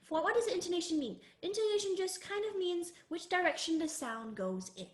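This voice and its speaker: A woman teaching a live online music and Mandarin lesson to children in an animated, sing-song manner. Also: very high-pitched, brisk, echoey room. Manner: animated, sing-song, calls herself in third person. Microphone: video call.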